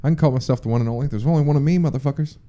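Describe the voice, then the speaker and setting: A man's voice: medium pitch, very fast, mellow. A young man hosting a podcast alone, rambling casually with profane jokes and chatty asides. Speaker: podcast host. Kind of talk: casual solo podcast chat.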